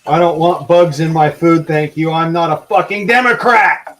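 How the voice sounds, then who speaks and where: A man's voice: fairly high pitch, moderate pace, fairly bright tone. A man, delivering a heated, profanity-filled rant to camera while cooking. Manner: heated, swearing constantly. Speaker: vlogger.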